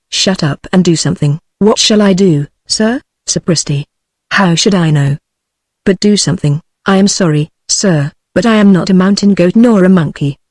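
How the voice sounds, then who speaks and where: A text-to-speech woman's voice with a British English accent, reading an adventure novel aloud in an even, uniform way, voicing every character the same. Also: on the low side, dry recording. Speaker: audiobook narrator. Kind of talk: synthetic audiobook narration.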